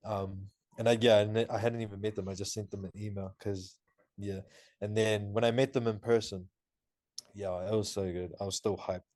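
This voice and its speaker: A young man in his twenties from New Zealand, a podcast guest and student telling stories in an animated, laughing way with lots of fillers. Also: lowish voice, normal speed, no room sound, clean studio sound. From Auckland, New Zealand. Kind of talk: casual interview talk.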